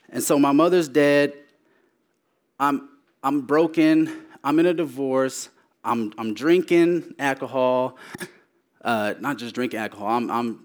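A man preaching his personal testimony, repeating phrases for emphasis and moving between raised, urgent lines and hushed ones. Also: medium pitch. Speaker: speaker sharing his testimony.

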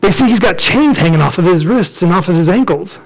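High-voiced animated preacher. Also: male voice, fairly quick, creaky, low-quality recording. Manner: lively, joking, acts out the characters. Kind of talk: storytelling sermon.

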